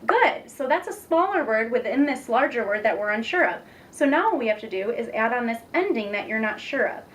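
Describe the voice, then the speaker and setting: A young woman teacher demonstrating a reading lesson, patient and encouraging, speaking slowly and clearly. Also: on the high side, big pitch swings. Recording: distant mic with faint background noise.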